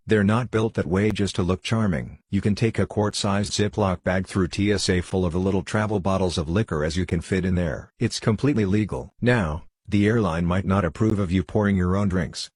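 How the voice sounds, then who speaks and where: A man narrates online posts in a very deep, slightly husky voice. His reading is steady and matter-of-fact. The sound is dry and close. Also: no echo.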